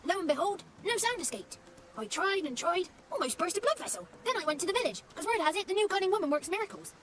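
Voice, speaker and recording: A woman's voice: very high voice, animated, quick pace, a bit bright, slight background noise. A woman voicing a small, impish male forest spirit in a video game, chatty, crude and theatrical, savouring silly words. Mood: rambling storytelling. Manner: playful, theatrical, relishing tongue-twisters.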